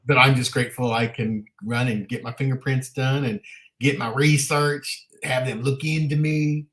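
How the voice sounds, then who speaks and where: A man's voice: medium pitch, fairly even intonation, normal speed, a bit bright. A man co-hosting a casual talk show livestream, chatty and often restarting his sentences. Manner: chatty, frequent self-restarts. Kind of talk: casual chat. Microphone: livestream setup.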